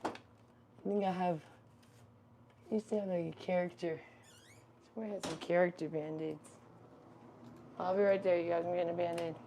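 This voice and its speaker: A woman's voice: lowish voice, fairly even intonation, normal speed, pauses often, dark tone, a little hiss or hum. A woman chatting casually with viewers on a livestream while fussing over her pet rabbit. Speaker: livestream host.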